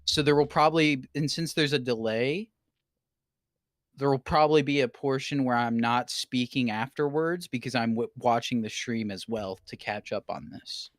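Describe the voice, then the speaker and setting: A man in mid-range voice chats casually between passages, cutting in with wry, deadpan jokes. His mic is close and the sound is dead dry. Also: mid-range voice, normal speed, no room sound. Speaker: co-host of a reading stream. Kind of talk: casual chat.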